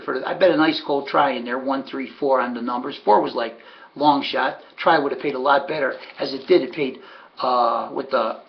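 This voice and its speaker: A man's voice: medium pitch, gravelly, highs cut off. A man giving a casual, folksy recap of his race picks, sardonic and talking to himself about his bets. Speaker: harness racing handicapper.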